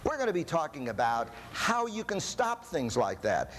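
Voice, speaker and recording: A man's voice: on the high side, moderate pace, a little hiss or hum. An older man giving a seminar talk, telling jokey stories and asking the audience questions. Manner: animated storyteller, jokey, asks the audience questions. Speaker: seminar speaker. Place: seminar room before an audience.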